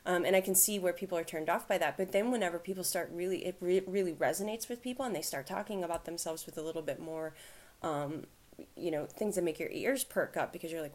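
Speaking briskly in a fairly low voice, this woman co-hosts a casual podcast. Her talk runs long and rambling, full of fillers and frequent laughs.

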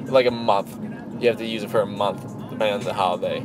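A man's voice: fairly low pitch, steady tone, fast, over music, rough recording. A young man from New York chatting casually in a car for a podcast, laughing often and swearing freely. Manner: profane, laughing banter. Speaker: podcast co-host. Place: parked car.

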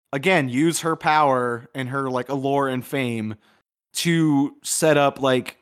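A man's voice: mid-range voice, fairly bright tone. A young man co-hosting a podcast, chatting casually about a film and rambling with lots of "like" fillers. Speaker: podcast co-host.

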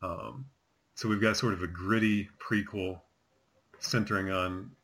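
A man's voice: lowish voice, fairly even intonation, measured pace, gravelly, fairly bright tone, breathy edge. A man co-hosting a podcast in casual film chat, hesitant, with many ums and restarts. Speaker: podcast co-host.

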